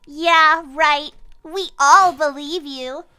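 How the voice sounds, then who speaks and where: Guy doing a super high squeaky pony girl, bubbly and teasing, storybook style. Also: expressive, normal speed, fairly bright tone, soft background music.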